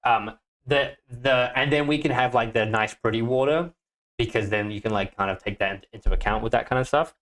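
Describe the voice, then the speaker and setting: A man doing a Scottish accent while live-streaming his game coding, muttering to himself, swearing and breaking into sudden excited outbursts. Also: medium pitch, a little fast. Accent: Scottish (put on).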